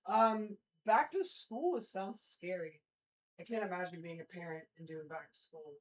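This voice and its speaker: A woman's voice: fairly low pitch, unhurried. Chatty young woman streamer. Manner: chatty, rambling, many fillers, talks to chat while working. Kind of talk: casual live-stream chat.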